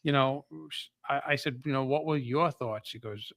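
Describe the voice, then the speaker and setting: A man who is a podcast guest and motivational speaker, telling personal stories in an energetic, emotional way with frequent restarts. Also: mid-range voice, moderate pace, dry recording, clean studio sound. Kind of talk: casual chat, personal storytelling.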